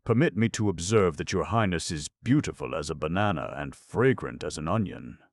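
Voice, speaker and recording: Brief: cheerful, flattering male peddler with a low, gravelly voice, read by a male narrator. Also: a little fast, no room sound, clean studio sound. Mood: coaxing. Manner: flattering, coaxing. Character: cheerful smooth-talking male vegetable peddler.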